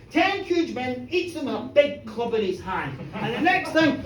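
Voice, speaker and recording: A woman telling a folk tale live, animated, dramatic and playful. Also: fairly high pitch, normal speed, slight background noise. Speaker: storyteller. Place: pub, indoors. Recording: echoey pub room, distant mic, faint ambience.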